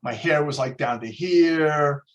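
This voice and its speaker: A man's voice: a little high, unhurried, lo-fi sound. An older American man teaching a Torah class over a video call, telling stories and acting out the people in them. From United States. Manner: storytelling, lively, acts out quoted voices. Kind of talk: online class lecture.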